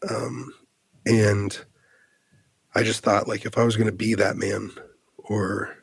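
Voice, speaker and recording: A man's voice: lowish voice, level tone, takes it slowly, vocal fry, husky, dry recording. A man in his thirties from the United States, a podcast guest telling a heartfelt personal story in an earnest way, full of "like" fillers and restarts.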